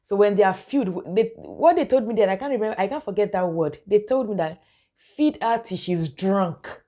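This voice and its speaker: A woman's voice: medium pitch, lively intonation, fast talker, warm tone. A young woman, a mother giving casual baby-care tips to her viewers and calling them guys. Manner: chatty, keeps addressing viewers as guys, laughs often. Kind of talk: casual instructional vlog.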